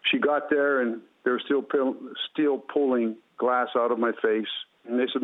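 A man's voice: mid-range voice, steady tone, normal speed. A man calling in to tell an earnest personal testimony, repeating phrases as he builds the story. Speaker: caller telling his testimony. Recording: tinny phone line.

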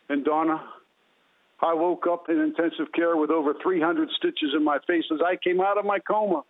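A man's voice: on the high side, steady tone, normal speed. A man giving an impassioned, preacherly testimony and leading a prayer as a guest. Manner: impassioned, preacherly, repetitive phrasing. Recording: tinny phone line.

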